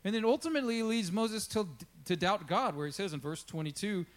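Chatty preacher man with a higher voice. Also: a little fast. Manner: casual and chatty, acts out quotes, asks the congregation questions. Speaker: pastor. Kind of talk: conversational sermon.

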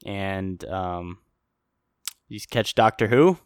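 A man's voice: sits low, slow, clean tone, dry recording, clean studio sound. A young man co-hosting a podcast, chatting casually in a rambling, jokey way and laughing often. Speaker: podcast co-host. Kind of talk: casual chat.

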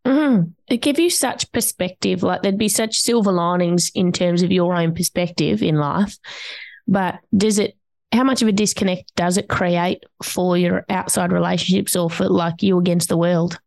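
Gravelly low-voiced woman podcast host. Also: moderate pace, a little mellow. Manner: curious, engaged, asks reflective questions. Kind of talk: podcast interview.

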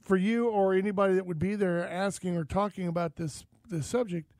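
A man's voice: high-pitched, fairly even intonation, brisk, a little mellow, no room sound. A man hosting an outdoors talk radio show, folksy and rambling with frequent fillers.

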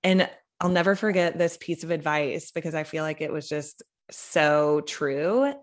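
A woman's voice: sits low, measured pace. A young woman, a podcast guest, telling a personal story in a chatty way, saying "like" often. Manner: chatty, heavy use of "like".

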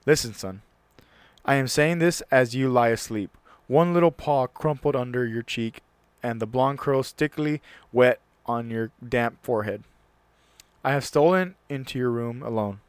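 A man's voice: medium pitch, moderate pace, clear, resonant tone, dry recording. Male host, mid-range voice, dry close mic; casual solo talk, earnest read-aloud with occasional stumbles. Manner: reads aloud earnestly, stumbles and restarts on words.

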